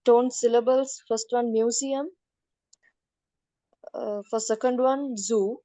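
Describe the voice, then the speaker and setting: A woman's voice: on the high side, steady tone, slow pace, warm tone, dry recording. A woman student politely reading out her answers in an online class, hesitant and full of fillers.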